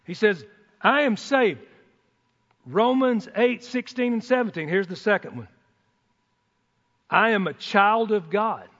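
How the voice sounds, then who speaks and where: A man preaching a sermon in a folksy, excitable way, breaking into whoops and joking asides. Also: high-pitched, measured pace, long pauses. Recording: dull sound in a reverberant hall.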